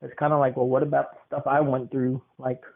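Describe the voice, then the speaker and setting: A man's voice: medium pitch, a little fast, gravelly. A young man co-hosting a podcast with his grandmother, telling a spooky story and chatting casually with lots of fillers. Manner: relaxed, many fillers, dramatic "dun dun dun". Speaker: podcast co-host. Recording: tinny phone-like sound.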